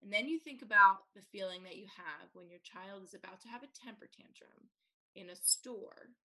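A woman with a medium-pitched voice speaks at a moderate pace on a rough recording. She's a parenting coach laying out her ideas in a podcast interview, animatedly acting out the thoughts and words of parents.

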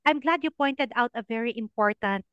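Woman podcast host, high bright voice, encouraging and affirming, dry close sound. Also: moderate pace, clean tone, no room sound, muffled recording. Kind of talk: casual interview chat.

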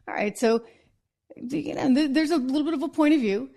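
A woman hosting a live political commentary show, talking in a chatty way with quick asides and restarts and wry laughs at her own points. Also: high-pitched, vocal fry, dark tone.

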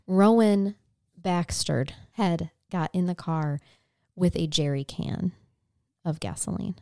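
A woman's voice: fairly low pitch, slow pace, warm tone, dry recording, studio quality. A woman co-hosting a podcast, recounting a true crime case in an earnest, conversational way. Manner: earnest, conversational, emotionally moved. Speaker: podcast co-host.

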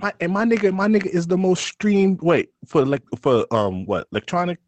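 A man co-hosting a casual podcast, ranting with big swings into loud sing-song outbursts. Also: high voice, fairly quick, no room sound. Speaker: podcast co-host.

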